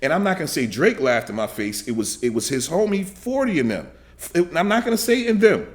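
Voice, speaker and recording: A man in his thirties rants hotly into the camera, his voice climbing and dropping all over the place as he vents. He swears freely, circles back to the same points, and breaks into shouts, all pitched a touch high for a man. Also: big pitch swings, brisk. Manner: heated, profane, repeats himself, shouts in bursts. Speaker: reaction video host. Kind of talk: angry ranting reaction.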